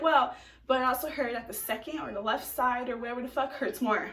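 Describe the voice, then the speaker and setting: A woman's voice: a little high, fairly quick, a bit bright. Chatty young woman in an echoey room. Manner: chatty, laughs often, many fillers like "like". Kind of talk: casual storytime vlog. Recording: echoey room, distant from mic.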